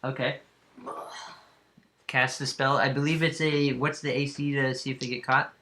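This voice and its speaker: A man narrating as dungeon master, halting with many fillers. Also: mid-range voice, level tone, pushed and bright. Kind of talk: narrating a tabletop game.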